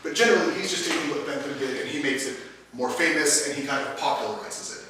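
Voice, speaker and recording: Bright-voiced man teaching, echoey room. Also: a little high, fast talker, far from the mic, a little hiss or hum. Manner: chatty, laughs often, many restarts. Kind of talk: casual classroom lecture. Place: room with a small group.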